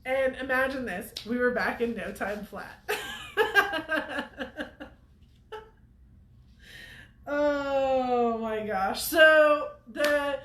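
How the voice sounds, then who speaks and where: A woman's voice: high-pitched, a bit bright, echoey room. A woman hosting a weekly show, telling a story to viewers in a chatty way and laughing often. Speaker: host of a weekly off-road show.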